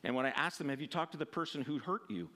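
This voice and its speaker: A man's voice: fairly high pitch, fast. A man preaching a sermon, reading a Bible passage and explaining it in a conversational way, with fillers and self-corrections, sometimes acting out the people in the story. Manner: animated, acts out the people in the story with a raised voice. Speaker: pastor.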